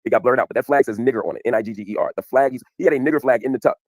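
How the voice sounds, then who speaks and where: A man explaining his side of a television exchange in an emphatic, animated way. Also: mid-range voice, very fast, dry recording, studio quality. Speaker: commentator explaining a TV appearance. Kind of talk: fast explanatory commentary.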